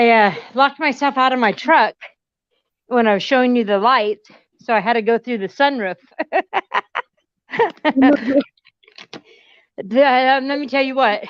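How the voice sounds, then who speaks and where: A woman's voice: a little high, expressive, takes it slowly, long pauses, no room sound. A chatty woman with a mid-range voice rambles through a casual live chat and coos at her cat in baby talk. Her audio is dry and a little muffled, like lo-fi stream sound.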